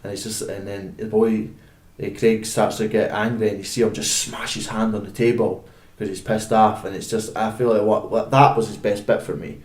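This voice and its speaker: A man's voice: fairly low pitch, level tone, moderate pace, darkish tone, roomy sound. A young Scottish man co-hosting a podcast, chatting casually and rambling with lots of fillers and restarts. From Scotland. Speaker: podcast co-host. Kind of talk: casual chat.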